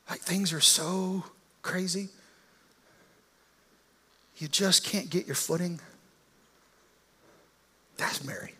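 A male pastor preaching an Easter sermon, telling the story dramatically and swinging from hushed, almost whispered lines to loud, impassioned ones. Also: fairly high pitch, creaky, husky.

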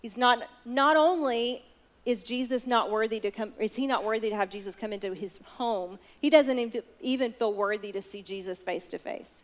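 Female preacher, sermon delivery, slightly high voice, storytelling with questions to the congregation. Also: normal speed. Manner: storytelling, asks the listeners direct questions.

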